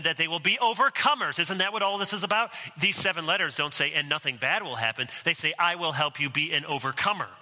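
A man's voice: fairly high pitch, sharp tone, in a large hall, rough recording. A man preaching a sermon as pastor, conversational and mixing in humorous asides.

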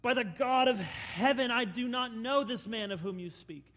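A man's voice: extremely high pitch, normal speed, a bit bright, in a large hall, pitched above the performer's own voice. A man voicing a frightened male disciple who swears vehement oaths that he never knew the accused.

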